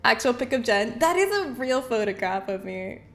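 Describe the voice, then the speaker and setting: Bubbly high-voiced woman streamer. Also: very animated, normal speed, fairly bright tone. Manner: bubbly and chatty, laughs often, reads chat aloud. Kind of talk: casual chat with a live chat.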